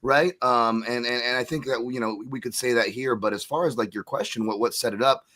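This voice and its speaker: A man's voice: mid-range voice, steady tone, fairly quick, bright, forceful tone. A man co-hosting a casual roundtable, rambling with many restarts. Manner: rambling, lots of fillers and restarts. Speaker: co-host.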